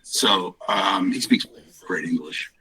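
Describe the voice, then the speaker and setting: Bright-voiced man pitching to a call. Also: slow, distant mic, rough recording. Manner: rambling, upbeat, many restarts and fillers. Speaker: company founder presenting products. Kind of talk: casual business presentation on a call.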